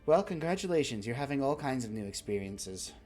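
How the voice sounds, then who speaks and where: A man's voice: medium pitch, very animated, fairly quick, a little mellow, soft background music. A man voicing a poised, dry-witted woman who leads a criminal crew and speaks in curt, commanding lines.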